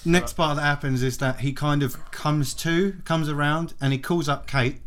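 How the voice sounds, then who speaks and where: A man's voice: on the high side, fairly even intonation, normal speed. Rambling man recapping a film. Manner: rambling, with many fillers. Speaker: host. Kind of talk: casual chat recapping a film.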